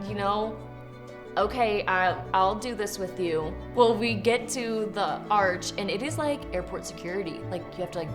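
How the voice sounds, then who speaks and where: A woman telling a story casually and animatedly, full of filler words, with music behind her. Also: mid-range voice. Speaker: whiskey blender.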